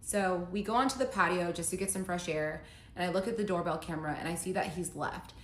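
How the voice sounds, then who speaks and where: A woman's voice: lowish voice, fast talker, a bit bright. A woman telling her own breakup story in a casual monologue, emotional, reading messages aloud in her own voice. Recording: echoey room.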